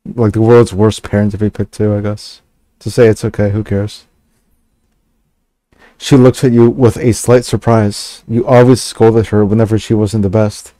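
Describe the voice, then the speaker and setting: A man reading a text game aloud and stopping for hesitant, halting asides with fillers and restarts. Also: on the low side, level tone, mellow, no room sound. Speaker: gaming channel host.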